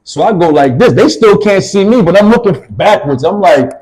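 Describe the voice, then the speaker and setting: A man's voice: sits high, expressive, moderate pace, darkish tone, breathy edge, rough recording. A middle-aged man, an interview guest, telling a rambling, profane story in casual talk. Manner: profane, rambling, acts out others' voices.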